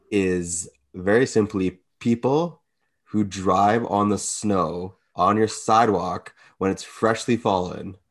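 A man in casual podcast chat, telling stories with frequent laughs. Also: sits low. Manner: laughs often, lively storytelling. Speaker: podcast co-host.

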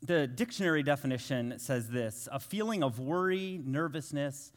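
Speaking at normal speed in a voice on the high side, a man in his thirties delivers a chatty sermon as a guest preacher. He's a joking, self-deprecating storyteller, full of family tales.

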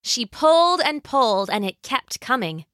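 A woman narrating a folk tale as a storyteller, slow and expressive. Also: on the high side, no echo, clean studio sound.

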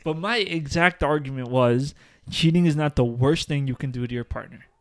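A man's voice: fairly high pitch, normal speed. A man from Uruguay co-hosting a podcast, joking, teasing and getting defensive in casual banter. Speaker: podcast co-host.

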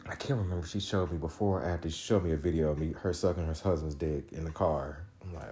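A man's voice: very deep voice, fairly even intonation, quick pace, hardly any pauses, dark tone. A man hosting a podcast, telling a story in a casual solo monologue, loose and profane, with many restarts. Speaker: podcast host.

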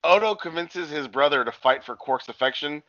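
A man's voice: on the high side, expressive, normal speed, fairly bright tone, no room sound. A young man casually recapping a TV episode, rambling, swearing a lot and acting out the characters' lines. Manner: rambling, swears a lot, acts out scenes in quotes. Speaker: podcast co-host recapping a TV episode. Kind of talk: casual chat. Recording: muffled dry recording.

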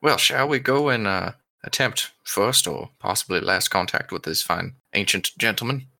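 A man's voice: fairly low pitch, normal speed, gravelly, pushed and bright. A man playing in a tabletop game, joking playfully as he talks. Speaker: player. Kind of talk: casual tabletop role-play.

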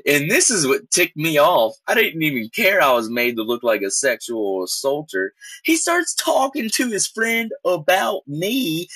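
A young man tells a rambling story in a casual way, acting out the back-and-forth as he talks. His voice sits low and sounds bright and forceful. It is recorded dry and close. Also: dry recording. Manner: rambling, animated, acts out quoted exchanges. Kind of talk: casual anecdote.

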